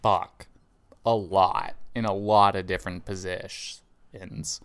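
Man podcast co-host, unhurried and smooth, wry episode recaps. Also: sits low, steady tone, a bit bright. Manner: slow, jokey recapping. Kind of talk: casual chat.

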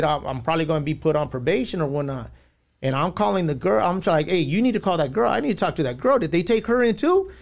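A man's voice: sits high, creaky. A man, a podcast guest telling a long personal story with lots of fillers and acted-out quotes. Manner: rambling storytelling with many fillers, acting out quoted dialogue.

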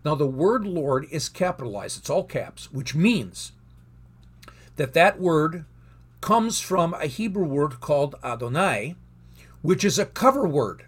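A man's voice: a little high, expressive, a little slow, husky. A man teaching from the Bible in an earnest sermon, reading verses aloud with rising emphasis.

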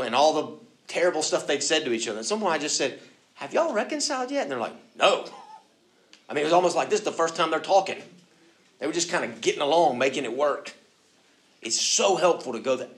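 A man delivers a sermon in a relaxed, conversational way. He often slips into little acted-out voices and moves between hushed and loud passages. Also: mid-range voice. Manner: conversational, acts out quoted voices, swings from soft to loud. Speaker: pastor.

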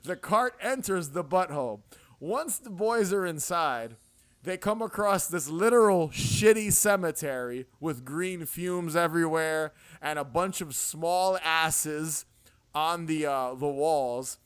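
A man hosting a casual podcast, retelling scenes with frequent laughter and animated energy. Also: on the high side, slow pace, clear, resonant tone. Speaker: podcast host.

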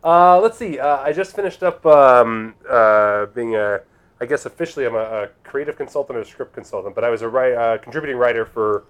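A man's voice: medium pitch, brisk, clean tone. A man talking casually as a guest on a podcast, joking and rambling with fillers. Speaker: podcast guest, improv comedian.

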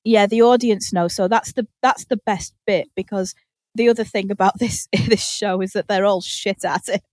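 A woman's voice: medium pitch, steady tone, normal speed, darkish tone, no room sound. A woman hosting a podcast, telling a story in casual chat with lots of laughter and freely swearing. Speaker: podcast host.

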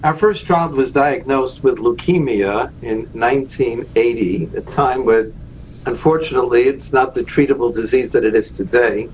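An earnest man tells his story as a podcast guest, leaning on key words and slowing down to stress them. His voice comes over a dull, lo-fi remote line with a faint hiss underneath. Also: medium pitch. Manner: earnest, slows down for emphasis. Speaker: guest, rabbi and charity founder.

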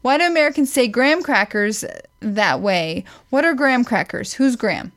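A woman's voice: a little high, expressive, moderate pace. A woman co-hosting a podcast, reading questions aloud from a list in a dry, teasing way. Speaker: podcast co-host.

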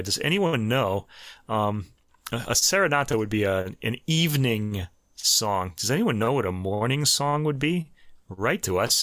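A man's voice: mid-range voice, a bit bright, no room sound, clean studio sound. Chatty New York man reviewing piano music. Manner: conversational, chatty, many fillers and restarts. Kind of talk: casual spoken album review.

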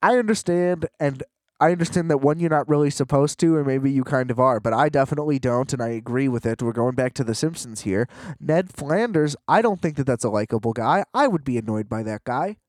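A man hosting a podcast, delivering a casual comedic monologue with rambling, profane, animated ranting. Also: medium pitch, fairly quick, dry recording, studio quality.

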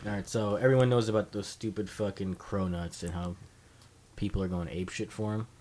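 A man's voice: lowish voice, fairly even intonation, brisk, darkish tone. A man hosting a casual comedy podcast, reading out strange news stories, laughing and swearing freely. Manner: swearing, laughing, reads headlines aloud.

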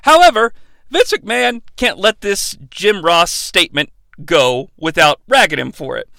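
A man hosting a comedic play-by-play recap, jokey and excitable, now and then bursting into shouted calls. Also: high-pitched, unhurried, creaky, no room sound. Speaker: podcast host recapping wrestling.

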